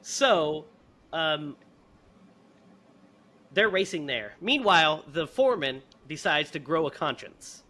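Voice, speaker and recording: A man hosting a podcast who retells a movie in a casual, animated, profane way and laughs often. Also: fairly high pitch, takes it slowly, long pauses. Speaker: podcast host. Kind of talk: casual movie review chat.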